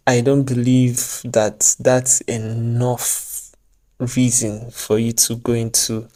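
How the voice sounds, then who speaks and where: A man's voice: mid-range voice, a little mellow. A man giving casual relationship advice to camera, chatty and joking at his own expense. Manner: chatty, joking asides, laughs at himself. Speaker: vlogger.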